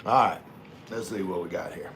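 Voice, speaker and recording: A man hosting a relaxed livestream, rambling in a folksy way while eating and chatting to viewers. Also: sits low, moderate pace, a little hiss or hum. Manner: laid-back, rambling, talks with mouth full; folksy, calls himself country. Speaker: vlogger hosting a live stream.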